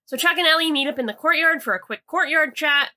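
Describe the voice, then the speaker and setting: Bright chatty woman recapping a show. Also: high-pitched, fast talker. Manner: chatty, hedging with "like", reads quotes aloud. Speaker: podcast co-host. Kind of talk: casual episode recap.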